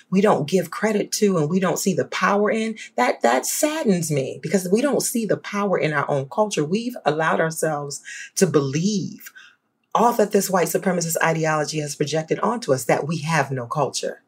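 A scholar from the American South speaks with a New Orleans accent in a casual panel discussion. The voice is gravelly and husky, and the delivery is animated and emphatic, leaping high in pitch to drive points home. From Southern United States. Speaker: guest scholar.

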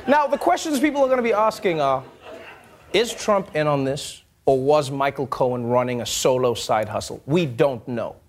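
A man's voice: mid-range voice, lively intonation, moderate pace. A man hosting a late-night comedy show, delivering a satirical monologue in a wry, punchline-driven way. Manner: wry, punchline-driven, laughs between jokes.

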